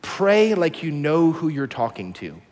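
A man in his thirties delivers a sermon with a fairly high voice that moves between quiet reflection and animated storytelling. His words ring out with a long reverb, as in a large hall. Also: unhurried. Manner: animated storytelling, shifting from hushed to excited. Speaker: pastor.

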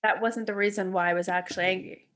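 A woman's voice: medium pitch, steady tone, fast, a bit bright. A woman in a candid conversation, blunt and emotional, swearing freely and acting out her inner voice. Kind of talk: casual heart-to-heart chat.

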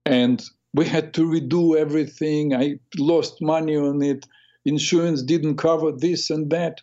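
A man's voice: on the high side, warm tone, highs cut off, voice pushed up, lightly acted. A man quoting a cheerful, blunt Italian-accented male hairdresser in an emphatic, plain-spoken way.

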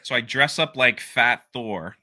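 Bright-voiced young man telling stories. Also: medium pitch, unhurried. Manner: animated, laughing, many fillers. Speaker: interview guest, YouTuber. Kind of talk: casual storytelling.

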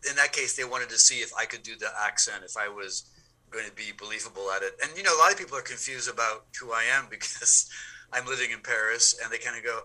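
Male interview guest, very bright tone, lively casual talk with frequent restarts. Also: medium pitch, fast, rough recording. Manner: animated, repeats words when building a point.

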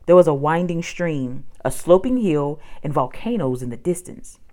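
A woman with a low voice narrates a children's chapter book aloud. Her reading is expressive and full of lively rises and falls, pitched for young listeners. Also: moderate pace. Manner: expressive, storytelling delivery.

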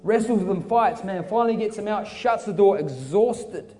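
A preacher telling his story in a fervent, casual manner. His voice sits fairly high with a mellow tone. A long-echoing hall carries it, with faint music underneath. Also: moderate pace, few pauses. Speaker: pastor. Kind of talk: sermon. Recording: reverberant hall with soft music.

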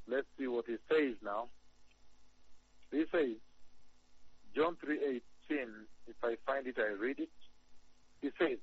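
A man preaching a sermon, emphatic and repetitive, reading scripture slowly. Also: mid-range voice, slightly rough, lo-fi sound. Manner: emphatic, repeats phrases, reads scripture slowly.

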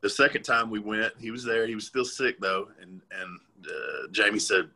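A man with a husky, somewhat raspy voice that still has a bright edge. He recalls his wrestling days casually, swearing and chuckling as he goes. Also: on the low side, normal speed, few pauses. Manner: laid-back, swearing, chuckling. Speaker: guest, former wrestler. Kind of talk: casual storytelling.

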